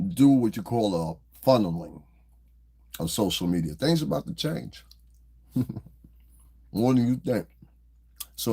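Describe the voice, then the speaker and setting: A man with a low, gravelly, slightly husky voice holds forth on his own podcast. He talks loosely and profanely, breaks into laughter, and tells stories in a rambling, casual way. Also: mellow. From New Jersey. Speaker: podcast host. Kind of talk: casual commentary monologue.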